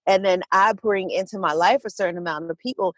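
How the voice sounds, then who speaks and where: A woman hosting a podcast interview in casual chat, enthusiastic and quick to agree. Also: mid-range voice, no room sound. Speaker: podcast host.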